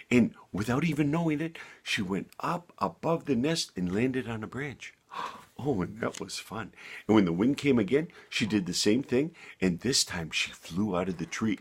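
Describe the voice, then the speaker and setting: A man tells a bedtime story in a low, gravelly voice with a husky edge. His delivery is animated and sing-song, rising and falling widely as he narrates.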